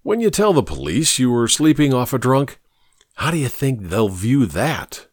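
A man playing a no-nonsense best friend in an audiobook, blunt and matter-of-fact with a dry sarcastic edge. His lively voice moves up and down, recorded close and dry. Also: mid-range voice, moderate pace, no echo.

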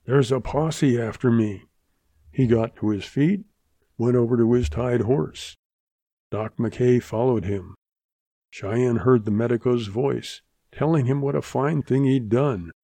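A man reads a western story aloud at an unhurried pace, with a gravelly, dark-toned voice. His delivery is measured and deliberate, recorded close and dry with no room sound. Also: mid-range voice, dry recording. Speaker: narrator. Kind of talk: dramatic reading of a western story.

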